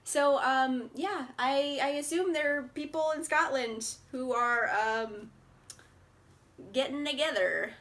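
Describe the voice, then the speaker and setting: Taking it slowly, a young woman with a high-pitched, fairly bright voice chats about the books she picked up. This bubbly book vlogger laughs and uses fillers often, and she's recorded indoors on a camera mic.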